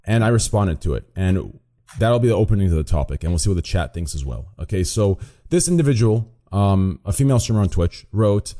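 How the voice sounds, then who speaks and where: A young man hosting a casual podcast chat, joking around and rambling, often trailing off into low mumbles. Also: big pitch swings, fairly quick, mellow. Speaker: streamer and show host.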